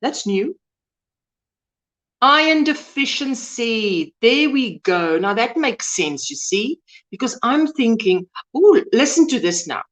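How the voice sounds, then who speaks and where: Slow chatty woman. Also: a little high, sing-song. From South Africa. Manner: chatty, greets viewers and reads their comments aloud. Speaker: live-stream host. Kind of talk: casual live-stream chat. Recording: dull lo-fi stream audio.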